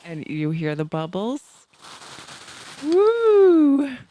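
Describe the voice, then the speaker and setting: A woman's voice: on the low side, animated, measured pace, a little hiss or hum. A woman in her sixties with a Boston accent, co-hosting a podcast in bubbly casual chat and laughing often. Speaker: podcast co-host.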